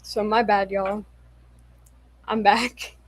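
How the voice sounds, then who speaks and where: A woman's voice: mid-range voice, flat delivery, takes it slowly, poor audio. A young woman chatting on a livestream, a little tipsy, giggly and apologetic, swearing casually as she reads comments. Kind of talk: casual livestream chat reading viewer comments.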